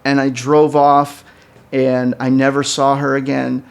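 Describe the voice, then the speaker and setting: A man's voice: unhurried, gravelly. A man co-hosting a podcast, telling a long story in casual, profane chat with many fillers. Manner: animated, jumps up in pitch when quoting people. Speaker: podcast co-host.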